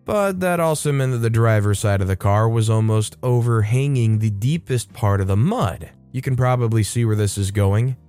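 A man reading a story aloud as a scripted narration, wry and lively, speeding up and slowing down for effect. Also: fairly low pitch, clean tone, faint music behind.

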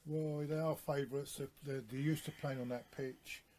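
Brief: man, radio co-host, mid-pitch, grumbling, halting delivery. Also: fairly even intonation, dark tone. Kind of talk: casual sports radio chat.

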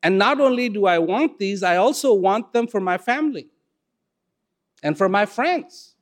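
A man voicing an amazed, curious male shopper who talks with rising excitement. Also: a little high, unhurried, exaggerated voice. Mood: eager.

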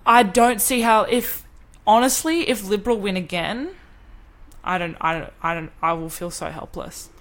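A woman's voice: mid-range voice, fairly even intonation, moderate pace. A woman co-hosting a podcast, talking in a weary, resigned way with frequent sighs. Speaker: podcast co-host. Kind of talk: casual podcast chat.

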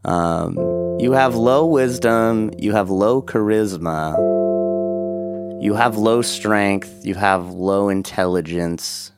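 Slow, low-voiced man who rambles through an improvised comic bit, full of fillers, with loud guitar behind. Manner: rambling, halting, full of fillers and throat clearing. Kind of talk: improvised comedic storytelling. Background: guitar music.

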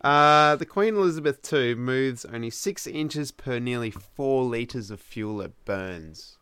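A man's voice: medium pitch, lively intonation, takes it slowly, fairly bright tone, smooth, no room sound. A man co-hosting a podcast, wryly reading trivia facts in casual chat. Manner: wry, reads trivia aloud. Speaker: podcast co-host. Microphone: studio microphone.

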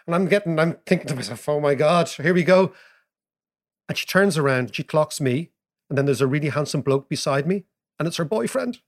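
A man, co-hosting a podcast in casual chat, telling lively anecdotes and explaining economics. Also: a little high, fast. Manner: animated, laughing anecdotes. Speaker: podcast co-host.

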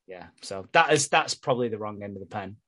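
A man's voice: on the low side, expressive, brisk, sharp tone. Sweary laughing man recapping. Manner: sweary, laughing, retells scenes with quoted voices. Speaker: podcast co-host recapping a soap. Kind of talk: casual chat.

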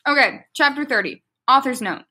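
A young woman with a high, bright voice co-hosts a casual podcast. She reads fan fiction aloud in a playful, mock-dramatic way and swears freely as she jokes with her friends. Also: expressive, normal speed.

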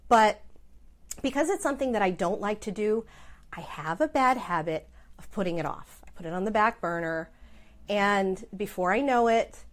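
A middle-aged woman talks straight to her viewers in a casual advice vlog, chatty and self-deprecating. Her voice sits at an ordinary, middle pitch for a woman, and she leans hard on the words she wants to stress. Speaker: small business owner giving advice.

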